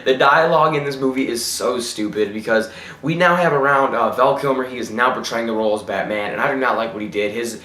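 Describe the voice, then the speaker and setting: A man reviewing a film in a casual, blunt way, ranting and tripping over his words now and then. His voice sits at an ordinary middle pitch. The room around him is echoey. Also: fairly quick, sharp tone. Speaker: movie reviewer.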